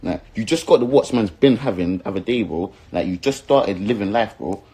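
A man's voice: lowish voice, a little fast, dark tone, slightly rough, rough recording. A young man with a South London accent, a rapper, delivering an angry, insulting, profanity-filled rant that keeps circling back to the same points. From London, England. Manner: angry, insulting, swearing, repeating himself. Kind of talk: heated rant to camera.

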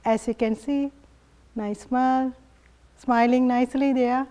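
A woman leads a yoga class at an unhurried pace, her voice sitting a little high. She coaxes her students along gently and encouragingly, with frequent soft laughs. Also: fairly even intonation. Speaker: yoga instructor. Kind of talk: guiding a family yoga class.

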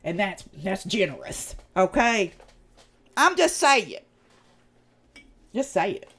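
A woman with an East Tennessee Southern accent talks straight to her livestream chat in a blunt, profane rant. Her pitch swings widely up and down as she vents and jabs. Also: very animated, takes it slowly, fairly bright tone, breathy edge. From United States. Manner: blunt, profane, heated ranting. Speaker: channel host. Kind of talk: casual livestream commentary.

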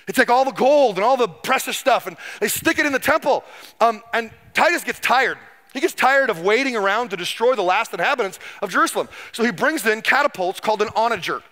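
A middle-aged male pastor delivering a sermon in a high, bright voice. He tells history as an energetic story, slipping into the voices of the people he quotes. His delivery shifts quickly between punchy asides and slow, weighty emphasis.

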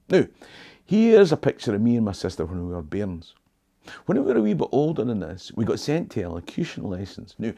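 A Scottish history tour guide and channel host in his sixties tells stories to camera from a small home office, adding dry jokes and Scots words in a wry way. His fairly low voice is creaky and mellow with a breathy edge.

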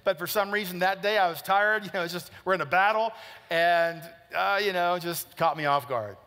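Middle-aged male pastor; emphatic preacher who repeats and asks questions, bright ringing voice, long reverb of a hall. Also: high-pitched, a little fast. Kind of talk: sermon.

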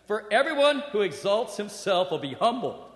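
A man preaching a sermon and telling a personal story, animated, with acted quotes and laughter. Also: high voice, moderate pace. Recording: roomy hall with long reverb.

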